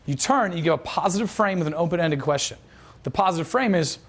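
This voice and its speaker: In this instructional talk, a man coaching people on dating rambles at a brisk pace. His pitch sits slightly high, and he restarts sentences frequently while acting out quotes.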